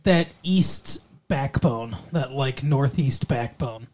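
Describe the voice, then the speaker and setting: A man's voice: medium pitch, slow, a little mellow. A man co-hosting a podcast, talking in a casual recap chat with profane, sarcastic and exaggerated remarks. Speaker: podcast co-host.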